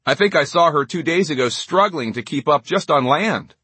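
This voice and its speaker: A man voicing an anxious, husky-voiced man. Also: a little high, lively intonation, moderate pace, pushed and bright, no room sound, voice pushed up, exaggerated voice. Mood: worried. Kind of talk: audiobook character voice.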